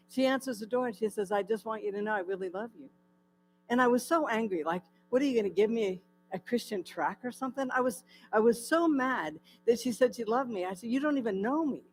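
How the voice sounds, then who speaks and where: A woman giving a personal recovery testimony at a church, telling her story in a lively way, acting out the dialogue and often laughing. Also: on the high side, poor audio. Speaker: guest speaker at a church. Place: church hall.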